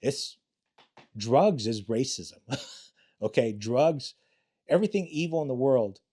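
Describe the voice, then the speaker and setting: A man's voice: mid-range voice, expressive, slow, dark tone, husky. A man in his late fifties, a retired police officer, telling blunt, profane stories in a casual interview and acting out the quotes.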